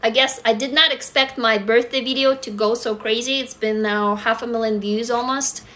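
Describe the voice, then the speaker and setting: Woman, forties, from russia, candid livestream chat, bright tone, fairly high voice. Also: fairly even intonation, normal speed. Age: 40s. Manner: candid, emotional, talks straight to viewers. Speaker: livestream host. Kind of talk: casual livestream talk to viewers.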